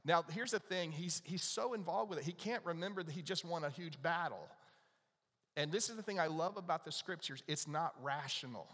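A man's voice: on the high side, fairly quick, fairly bright tone, in a large hall. A man preaching a sermon to a congregation, talking to them in a conversational way and asking them questions. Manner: conversational, asks the audience questions. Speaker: pastor.

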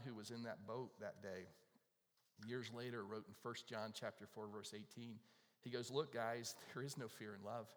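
Pastor preaching in an echoing hall. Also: male voice, mid-range voice. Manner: conversational, asks the congregation questions, acts out worried prayers. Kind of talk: sermon. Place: church with audience. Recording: long reverb of a large hall.

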